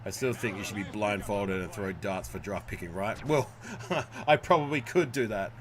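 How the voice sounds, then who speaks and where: A man streaming a football video game live, chatting with viewers and swearing and shouting at plays. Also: fairly low pitch, lively intonation, normal speed, background noise. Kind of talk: live gameplay commentary.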